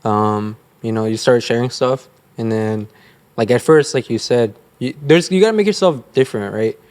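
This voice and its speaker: A man's voice: mid-range voice, normal speed, darkish tone. Man, loan officer, host, casual interview, conversational.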